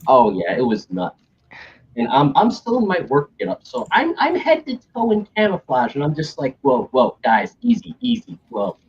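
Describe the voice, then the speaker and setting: A man's voice: on the high side, wildly swooping pitch, moderate pace, breathy edge. A young man telling a story in casual chat, acting out other people's lines and swearing freely. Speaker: stream host telling a story. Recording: dull lo-fi stream audio.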